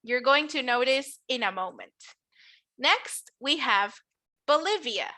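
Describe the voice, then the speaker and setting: High, bright-voiced bilingual English teacher. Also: female voice, animated. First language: Spanish. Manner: slow, drawn-out model words for repeating. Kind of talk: online class, bilingual English lesson.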